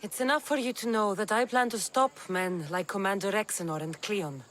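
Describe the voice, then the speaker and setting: A woman's voice: mid-range voice, a little fast, a little hiss or hum, natural voice. A woman playing a terse warrior mercenary. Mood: calm. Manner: calm, terse. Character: composed female warrior mercenary.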